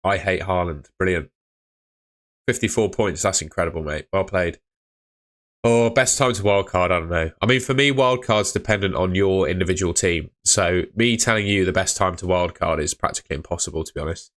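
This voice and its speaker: A man's voice: low-pitched, brisk, a bit bright. A young man casually chatting on a live stream, reading out viewer messages in a laid-back way. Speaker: fantasy football streamer.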